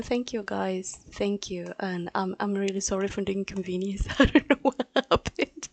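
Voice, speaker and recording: A woman whose first language is Spanish teaches a live class, speaking slowly with a gravelly edge. Her talk is flustered and apologetic, full of restarts. She speaks into a desktop microphone at her computer. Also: mid-range voice. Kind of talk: live-streamed class, unscripted chat.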